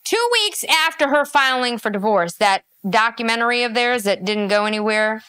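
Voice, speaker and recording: A woman with a high, lively voice rattling off sarcastic gossip commentary, laughing between lines. Her recording is close and dry, with no room sound. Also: normal speed, hardly any pauses, clear, resonant tone, no echo. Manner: animated, laughs often, sarcastic.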